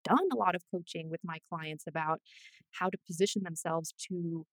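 Career coach guest: woman, lowish voice, dry close sound, chatty and animated. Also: no room sound. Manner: chatty, animated, quick asides. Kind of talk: casual interview chat.

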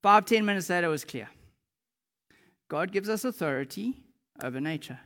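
A man preaching a sermon, telling personal stories with lively energy and loud reenacted moments. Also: high-pitched, moderate pace. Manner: animated storytelling, shouting in reenactments. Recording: long hall reverb.

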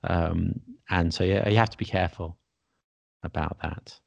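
Low gravelly english guy hosting a podcast chat, laid back, dry close sound. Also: fairly even intonation, moderate pace, no echo, dull audio. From England. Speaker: podcast host. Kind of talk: casual conversation.

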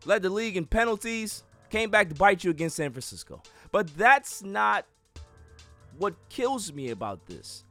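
A man's voice: high-pitched, very animated, moderate pace, sharp tone, faint music behind. A man hosting a sports podcast, ranting emphatically and repeating words as he builds each point. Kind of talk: casual sports talk.

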